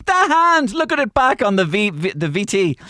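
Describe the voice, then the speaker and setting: A man mimicking his young friends teasing him in shrill, squealing voices. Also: big pitch swings, moderate pace, pushed and bright, dry recording, clean studio sound, full character voice. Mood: mocking. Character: mocking young friends, shrieking with laughter.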